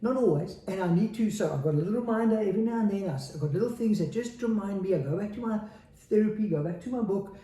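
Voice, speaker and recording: A South African man in his forties, appearing as a podcast guest, talks candidly and earnestly, repeating phrases for emphasis. His voice is high and warm, and he speaks fast and animatedly with hardly any pauses. The sound is roomy.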